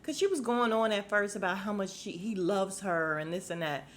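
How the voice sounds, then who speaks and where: A woman's voice: medium pitch, moderate pace. Woman, podcast host, casual and sassy, laughs a lot, home mic, faint background noise. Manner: chatty, sassy, laughs often, talks to listeners as y'all. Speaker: podcast host recapping a reality show. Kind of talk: casual chat.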